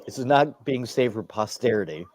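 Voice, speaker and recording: A man's voice: medium pitch, lively intonation, normal speed, a little mellow, dry recording. A man in casual chat, joking and mocking himself with plenty of swearing.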